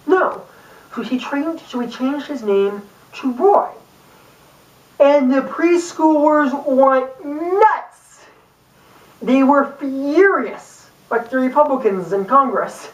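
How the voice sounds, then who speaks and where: A woman's voice: sits high, animated, slow pace, far from the mic, dull audio. Rambling young woman, echoey room. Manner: rambling, chatty, full of fillers and jokes. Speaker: YouTube vlogger. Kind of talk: casual talk to camera about a book. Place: room, filmed by a camera person.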